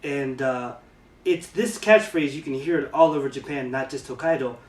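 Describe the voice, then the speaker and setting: A casual vlogger, a man from the United States, talks through a topic in a relaxed, hesitant way with plenty of filler words. He sits a little back from the mic, and the room rings noticeably around his voice. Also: medium pitch, normal speed, roomy sound, distant mic. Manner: relaxed, hesitant, lots of ums and uhs. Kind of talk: casual explainer vlog.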